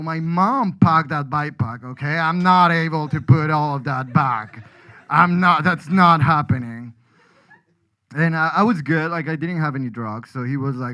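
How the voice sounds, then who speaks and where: A man's voice: a little high, big pitch swings, normal speed, pushed and bright, low-quality recording. A man from Colombia, a comedian rambling through a self-deprecating stand-up set with frequent restarts.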